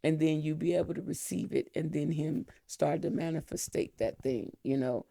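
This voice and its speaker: A middle-aged woman hosting a podcast, speaking slowly and tenderly in a heartfelt spiritual talk, close to the mic and near tears. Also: sits low, vocal fry, dark tone, no echo. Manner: slow, tender, emotional blessing. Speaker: podcast host, mentor.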